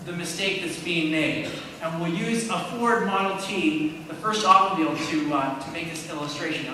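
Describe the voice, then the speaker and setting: A man's voice: sits high, pushed and bright, a little hiss or hum. A man giving a conversational apologetics talk in a church, often checking in with his listeners. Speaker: Christian apologist speaker. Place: church hall. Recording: echoey hall from far off.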